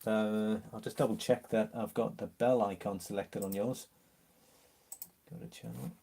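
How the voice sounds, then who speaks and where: A man's voice: on the low side, moderate pace, vocal fry. Chatty English man hosting a live stream. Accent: mixed English, mildly Liverpool. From Liverpool, England. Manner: chatty, relaxed, reads out viewer comments with easy laughs. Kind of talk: casual live-stream chat.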